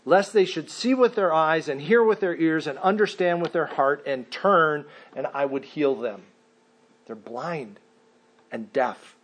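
Slow-preaching man, slightly high voice. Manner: slow, deliberate preaching with scripture quotes. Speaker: pastor. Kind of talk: sermon.

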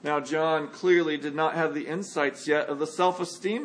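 Male pastor, high voice, relaxed conversational sermon delivery with scripture readings. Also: moderate pace.

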